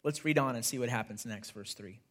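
A man's voice: mid-range voice, a little fast, a bit bright. A man preaching a sermon as pastor, earnestly explaining scripture with frequent tag questions and repeated words. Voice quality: repeats words when starting phrases.

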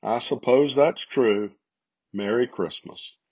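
A man's voice: slow, darkish tone, slightly rough. A man voicing a lonely tearful little bunny. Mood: sad. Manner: tearful, pleading, higher than his narration. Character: lonely little male bunny, sad and earnest. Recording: slightly muffled lo-fi recording.

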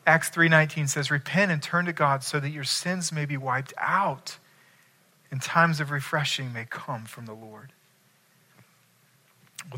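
A man's voice: medium pitch, pushed and bright. A man preaching a sermon, emphatic and asking his listeners questions. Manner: emphatic, asks the congregation questions. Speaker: pastor.

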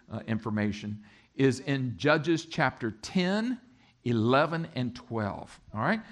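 A man as pastor giving a sermon, talking lively and joking with his congregation. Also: medium pitch.

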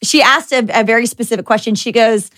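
Young woman host, fairly high voice, gabby anecdote-teller who says "like" constantly. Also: fast talker. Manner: animated storyteller with many "like" fillers. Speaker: podcast host. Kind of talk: casual chat, anecdote telling.

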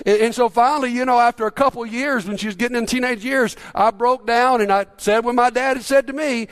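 A middle-aged pastor with a notably high voice delivers a sermon, retelling a story in a chatty, storytelling way. He often stumbles and restarts his sentences and tosses questions out to the congregation. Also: a little fast. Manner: conversational storytelling with repeated restarts and audience questions.

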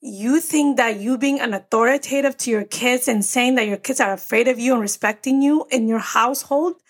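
A woman's voice: on the high side, normal speed. A woman therapist co-hosting a casual podcast chat, earnest and reflective as she talks through her anxieties. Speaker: podcast co-host.

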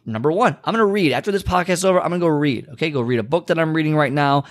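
A man's voice: on the high side, racing. A man hosting a solo podcast, rambling and venting before turning motivational. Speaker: podcast host. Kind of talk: casual solo podcast monologue.

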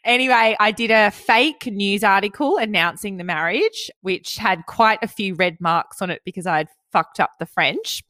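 A woman's voice: medium pitch, normal speed, few pauses, pushed and bright, no echo, studio quality. A woman in her thirties hosting a podcast, telling stories in a giggly, self-mocking way. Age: 30s. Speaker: podcast host. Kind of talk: casual chat.

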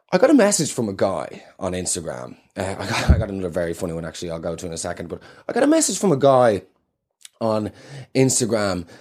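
An Irish man hosting his own show, delivering an animated, sardonic comedic monologue. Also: lowish voice.

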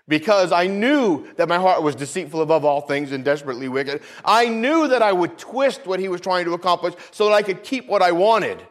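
A man preaching a sermon with emphasis, repeating phrases, dropping low and quiet for weight, and calling out for the congregation's amens. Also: expressive, a little fast, hardly any pauses. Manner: emphatic, repeats phrases, calls for "Amen?" responses.

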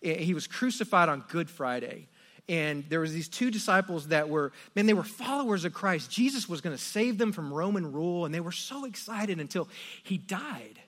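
A middle-aged man from Texas, a pastor giving a sermon before a congregation, telling jokey personal stories with big swings between loud and quiet. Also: high voice, lively intonation, moderate pace. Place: church auditorium before a congregation.

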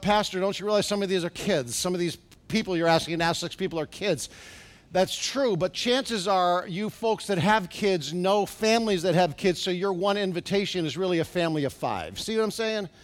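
A middle-aged man preaching a sermon as pastor in a church, asking the congregation questions and building to loud, urgent exhortations. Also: high voice, brisk. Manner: preaching with rising, shouted exhortations and rhetorical questions. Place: church sanctuary.

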